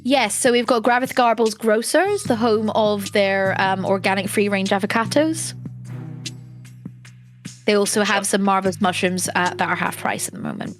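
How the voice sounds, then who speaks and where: A woman's voice: medium pitch, steady tone, moderate pace, soft background music. A woman running a tabletop game, narrating in a casual, chatty way with lots of fillers and swearing. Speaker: game master.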